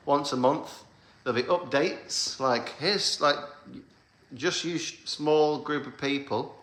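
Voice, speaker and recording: A man's voice: mid-range voice, bright, forceful tone. A man from the UK, hosting a casual livestream for his band's fans, rambling chattily with lots of fillers and laughs. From United Kingdom. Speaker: band leader hosting a fan livestream. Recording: roomy echoey room sound.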